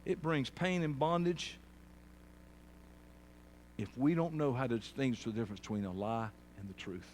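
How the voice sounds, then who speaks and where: A man preaching a sermon, swinging from quiet, low passages to loud, shouted peaks. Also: normal speed, pauses often, slight background noise. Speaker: pastor.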